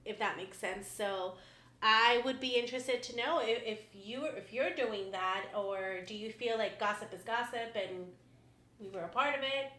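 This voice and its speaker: A woman co-hosting a casual podcast, halting and restarting her sentences as she chats. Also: fairly high pitch, sharp tone, reverberant. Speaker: podcast co-host. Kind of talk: casual chat.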